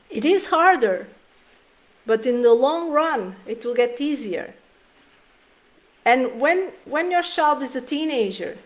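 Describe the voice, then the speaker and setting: A parenting vlogger in her thirties, with a slightly high voice, speaks straight to the camera. Her talk on parenting is earnest and emotional, and she often restarts her sentences.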